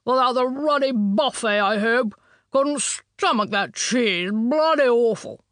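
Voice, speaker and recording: A woman's voice: on the high side, expressive, slow, fairly bright tone, no room sound, clean studio sound, voice pushed up. A woman reading aloud and voicing a grumpy middle-aged man with a bovine, bellowing voice, complaining and swearing. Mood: grumbling.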